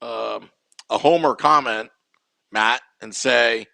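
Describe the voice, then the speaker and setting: A man hosts his podcast solo in an easy, rambling way, full of fillers and asides. His voice is gravelly and bright, and he talks slowly. The sound is dry and close. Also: medium pitch, animated, dry recording. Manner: rambling, chatty, many fillers. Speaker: podcast host. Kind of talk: casual solo podcast talk.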